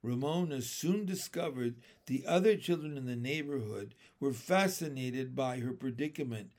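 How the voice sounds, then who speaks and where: A man narrating a children's chapter book aloud in a steady, gentle storytelling way. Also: mid-range voice, moderate pace. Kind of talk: audiobook narration.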